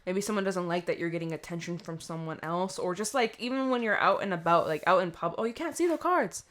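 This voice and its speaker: A woman's voice: fairly low pitch, fast talker, fairly bright tone. A woman giving a casual tarot reading to camera, chatty and rambling, often laughing at herself. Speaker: tarot reader.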